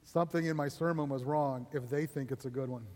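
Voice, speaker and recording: A man with a fairly high voice preaches to his congregation, conversational and personal. He keeps asking "right?" and chuckles between points. The sound carries a long reverb from the church hall. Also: fairly even intonation, fairly quick, darkish tone. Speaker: pastor. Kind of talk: sermon.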